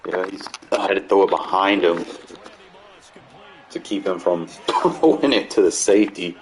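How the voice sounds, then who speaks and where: Low, gravelly male gamer narrating his match; irritated, swearing, barking at his team. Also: moderate pace. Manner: frustrated, swears, yells at players. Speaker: gamer commentating his own play. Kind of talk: casual gameplay commentary.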